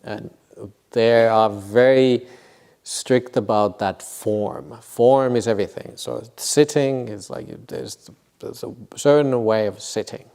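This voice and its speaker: A man's voice: medium pitch, takes it slowly, gravelly, warm tone, clean tone. A man, a Buddhist monk, giving an informal dharma talk at a meditation retreat, with wry humor, rhetorical questions and frequent self-corrections.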